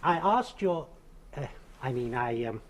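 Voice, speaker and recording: An actor plays a polite, hesitant undertaker in a 1970s TV police drama. His mid-range voice is animated yet deferential, and his delivery halts.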